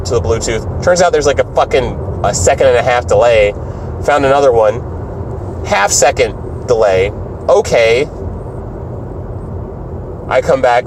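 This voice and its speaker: Profane, animated man talking while driving. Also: medium pitch, background noise. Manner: profane, animated storytelling, acts out other voices. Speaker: stand-up comedian vlogger. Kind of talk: casual driving vlog storytelling.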